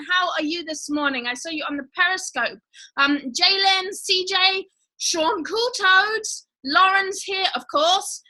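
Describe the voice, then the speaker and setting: A woman's voice: very high-pitched, sharp tone, rough recording. A woman hosting a live online show, chatting casually with viewers in a bubbly way with lots of fillers. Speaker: livestream host.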